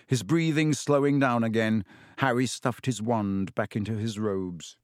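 A man reading a story aloud as an audiobook narrator, in a steady, even storytelling manner. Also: on the low side, measured pace, no echo, studio quality. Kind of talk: scripted narration.

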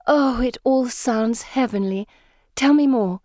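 A woman's voice: a little high, slow, dark tone, dry recording, studio quality, pitched above the performer's own voice. A woman reading an audiobook and voicing an effusive, wistful teenage girl in a breathless, lifted voice. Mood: gushing. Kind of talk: audiobook character voice.

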